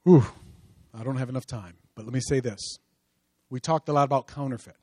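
A male pastor preaching a sermon, moving from hushed storytelling to loud, rising exhortation. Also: medium pitch, fairly quick, no room sound.

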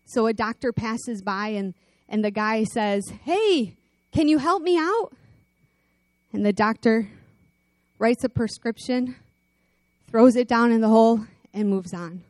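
A woman preaches in a slightly high voice, unhurried, with no room sound. Her sermon moves through lively stories and rallying calls to her listeners and ends with a prayer.

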